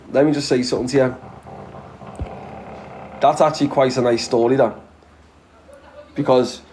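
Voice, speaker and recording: A man's voice: medium pitch, a little mellow, slight background noise. A man with a Scouse accent chatting casually to viewers as a livestreamer, blunt and full of swearing, chuckling often. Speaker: livestreamer reading viewer comments.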